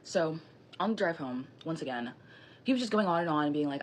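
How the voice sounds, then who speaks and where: Fast-talking low-voiced young woman, rambling. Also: big pitch swings, a little hiss or hum. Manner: rambling, filler-heavy, swears freely. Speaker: storyteller. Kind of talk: casual storytime.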